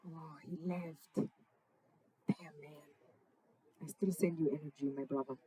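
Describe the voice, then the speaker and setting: This young woman's voice sits low, with a warm, breathy edge and fairly even intonation, and she talks fairly quickly. A singer-songwriter, she chats affectionately between songs at a live outdoor session in her parents' backyard, relaxed, slangy and freely swearing. The audio is poor.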